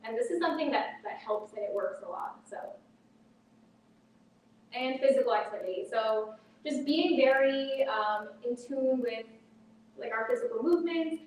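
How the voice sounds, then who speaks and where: A woman's voice: fairly high pitch, animated, moderate pace. A woman teacher leading a live parenting workshop. She speaks practically and illustrates her points with everyday examples. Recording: echoey hall from far off, faint noise.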